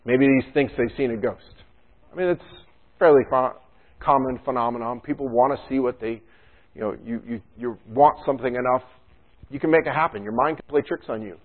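With a mid-range voice and a brisk pace, this man preaches in a relaxed, talkative way, tossing in joking asides as pastor. The recording has a thin, phone-like quality.

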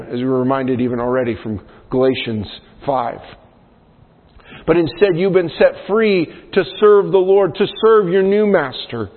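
A man, a pastor preaching a sermon, who rises in pitch and force to stress key points. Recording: phone-like sound in a reverberant hall.

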